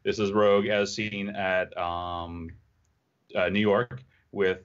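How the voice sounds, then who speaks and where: A man's voice: on the low side, flat delivery, slow. A man explaining product details on a live stream, enthusiastic with frequent halts. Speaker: product designer. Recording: muffled stream audio.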